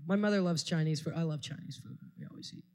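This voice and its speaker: A woman's voice: sits low, fast, a little mellow, slight background noise. Woman, stand-up comedian, dry wry delivery, live comedy stage.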